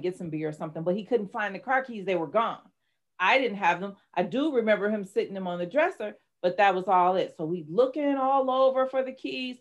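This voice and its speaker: A middle-aged woman, candidly telling her life story in an interview with dramatic retellings. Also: medium pitch. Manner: candid, dramatic retelling, rising to shouts when reliving anger. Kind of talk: personal testimony in an interview.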